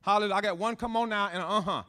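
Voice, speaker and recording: A man preaches with fervor, his voice pitched very high and ringing bright. He repeats his phrases and calls for responses, building to shouts. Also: very fast, some chatter behind. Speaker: pastor. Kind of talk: sermon.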